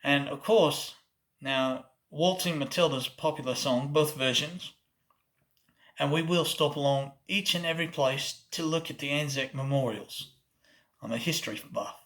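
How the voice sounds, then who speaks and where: Oklahoma host with a Southern drawl, bright voice, playful accent impressions. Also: male voice, fairly high pitch, normal speed. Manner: switches between put-on accents, playful. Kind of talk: comedic monologue doing accent impressions.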